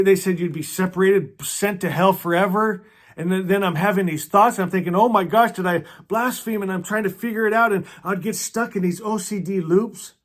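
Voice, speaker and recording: A man hosting a casual book club, talking earnestly and emotionally, often stumbling over restarts and sinking into a soft hush. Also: high-pitched. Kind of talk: casual book discussion with read-aloud passages.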